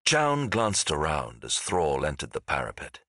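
A man with a very low yet bright, forceful voice narrates a fantasy audiobook in a measured, dramatic way. His pitch moves expressively through each sentence, and the recording is dry and close. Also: huge pitch swings, no echo.

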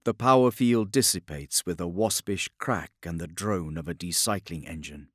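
A man narrating an audiobook in a measured, grave storytelling manner. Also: low voice, fairly bright tone, dry recording, studio quality.

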